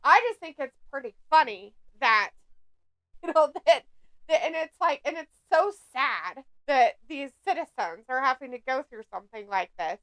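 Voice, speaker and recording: An American woman with a high-pitched voice, speaking at normal speed, co-hosts a casual wrestling watch-along livestream chat. She tells animated stories, swears a lot, and laughs often.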